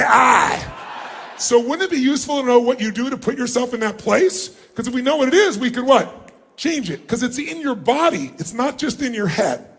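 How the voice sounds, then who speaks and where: A middle-aged man giving a motivational seminar to a large crowd in a hall, commanding and often yelling instructions. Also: very high-pitched. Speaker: motivational speaker. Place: large hall with thousands of people.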